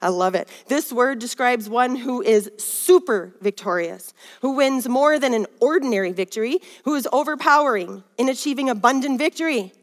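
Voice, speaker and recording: A woman with a high voice teaching a Bible lesson in sermon style. She rouses her listeners and calls for their response. Her voice rings with long reverb, as in a large hall. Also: expressive, moderate pace, few pauses. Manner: rousing, calls for audience response. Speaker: women's Bible study teacher. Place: Minnesota.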